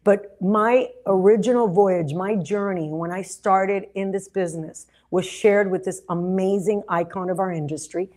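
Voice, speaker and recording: A woman's voice: medium pitch, steady tone, unhurried, hardly any pauses, darkish tone. A woman in her sixties hosting a webinar over a video call, effusive and dramatic, talking at length. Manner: dramatic and effusive, talks a lot. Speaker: host, cruise sales leader. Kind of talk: webinar chat.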